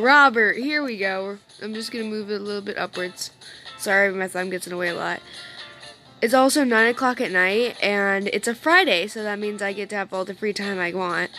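A woman's voice: medium pitch, sharp tone. A woman casually commenting on a game she is playing, upset and rambling, with self-deprecating asides. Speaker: let's play gamer.

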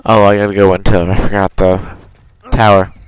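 This let's-play clip features a young man chatting loosely over his game, wandering off-topic and fixing his own words. He speaks at a moderate pace in a lowish, resonant, clear voice with flat delivery, captured on a rough recording.

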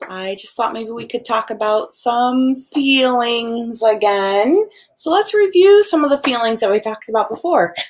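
Slow, sing-song woman teacher. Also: on the high side. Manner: gentle, expressive, acts out each feeling. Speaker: preschool teacher. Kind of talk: lesson for young children. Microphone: video recording.

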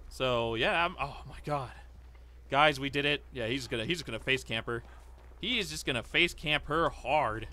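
A young man giving excitable live commentary over his gameplay, pleading with teammates and cheering at wins. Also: mid-range voice. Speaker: gaming YouTuber.

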